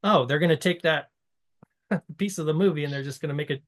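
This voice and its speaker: A man's voice: fairly high pitch, a little fast. Rambling man recalling things in casual chat. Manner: rambling, reflective, laughs between phrases. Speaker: podcast co-host.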